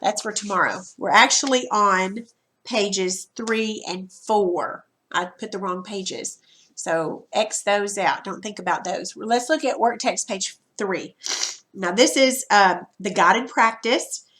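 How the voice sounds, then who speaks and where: Woman, teacher, recorded grammar lesson, casual, talks straight to students, restarts sentences, mid pitch. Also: takes it slowly, fairly bright tone. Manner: repeats and restarts while explaining.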